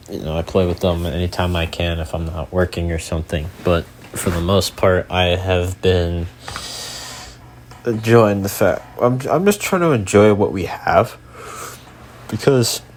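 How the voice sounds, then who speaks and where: Deep-voiced young man rambling over gameplay. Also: darkish tone, slight background noise. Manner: rambling, filler-heavy, swears casually. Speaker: gaming channel host. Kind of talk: casual gameplay commentary.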